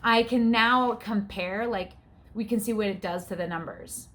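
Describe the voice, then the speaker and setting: A woman's voice: medium pitch, a little slow, a bit bright. A woman in her forties vlogging in a casual, frank, chatty way, her breathing often audible. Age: 40s. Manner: chatty, frank, gets exasperated. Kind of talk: casual chat.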